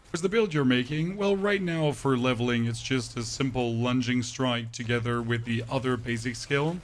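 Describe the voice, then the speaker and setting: A man live-streaming a game, chatting casually with his viewers in a flat, monotone delivery. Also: mid-range voice, a little hiss or hum. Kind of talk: casual live-stream chat while gaming.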